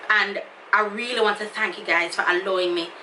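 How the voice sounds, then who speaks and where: A woman's voice: medium pitch, fairly even intonation, a little fast, pushed and bright, slight background noise. Jamaican woman vlogging, emotional and gushing, kinda far from the mic. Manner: emotional, effusive. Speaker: YouTuber. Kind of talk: casual vlog talk. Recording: echoey room, somewhat off-mic.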